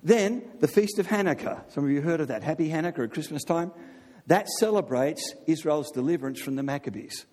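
A man preaching a sermon in an animated way, often asking his listeners "right?". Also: medium pitch. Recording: long reverb of a large hall.

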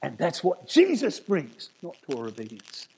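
Male preacher, husky, a bit high-pitched, lively sermon delivery with humorous asides. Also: measured pace. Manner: animated, rising to emphatic peaks, jokes and asides.

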